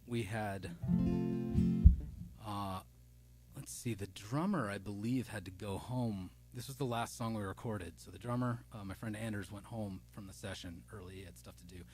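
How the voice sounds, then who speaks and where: Speaking a little slowly with long pauses, a man in a lowish voice runs a laid-back music live stream, reading out viewer comments in a rambling, playful way. He's self-deprecating and restarts a lot, with slight background noise present.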